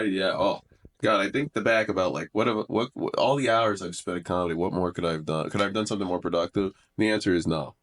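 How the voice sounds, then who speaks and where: A young man with a fairly low voice talks loosely on a podcast. He rambles through self-deprecating bits in a dry, deadpan way. When he muses his voice sinks lower and quieter. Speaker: comedian and podcast guest. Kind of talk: casual podcast chat.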